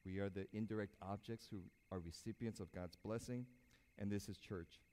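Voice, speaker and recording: A man preaching a sermon as pastor, animated, swinging between loud emphasis and soft asides. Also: lowish voice, normal speed. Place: church sanctuary. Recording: hall reverb.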